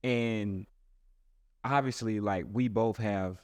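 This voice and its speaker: A man's voice: fairly low pitch, fairly even intonation, slow pace, darkish tone, dry recording. A man who is a pastor, talking earnestly and casually in a rambling way with many restarts. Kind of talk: casual podcast chat.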